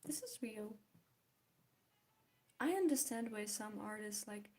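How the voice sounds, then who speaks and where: A woman chatting casually while she paints, self-mocking, often dropping into soft whispers. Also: mid-range voice, expressive, unhurried, long pauses. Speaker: art vlogger.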